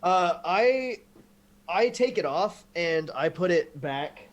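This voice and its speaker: Brief: American guy, podcast co-host, a touch high-voiced, trips over his own sentence starts. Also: lively intonation, slow pace, lo-fi sound. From southern United States. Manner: stammering, repeats words when starting sentences. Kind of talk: casual banter podcast. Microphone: desk podcast mic.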